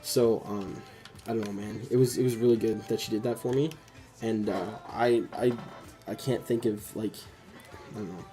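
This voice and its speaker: A man's voice: fairly low pitch, fairly even intonation, moderate pace, mellow, soft background music, rough recording. A young man hosting a casual chat, telling a rambling personal story full of swearing and fillers. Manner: rambling, swears a lot, heavy use of "like". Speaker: host.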